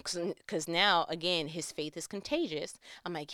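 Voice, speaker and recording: A middle-aged woman tells a personal story in a casual, conversational way, her voice smooth and clear. She swings from hushed, near-whispered passages to loud, emphatic bursts, and the sound is dry and close. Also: fairly low pitch, expressive, normal speed, few pauses, dry recording. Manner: faith-filled, conversational. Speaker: vlogger telling a personal story.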